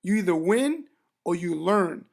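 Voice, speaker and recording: A man's voice: sits high, lively intonation, unhurried, gravelly, darkish tone. A man giving a motivational business training talk, emphatic and repeating words for impact.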